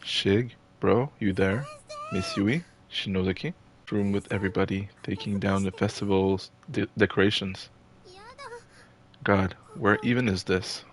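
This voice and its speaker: A man's voice: fairly low pitch, unhurried, close to an everyday voice. A man reading aloud the lines of a scared teenage schoolgirl in a horror game. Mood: frightened.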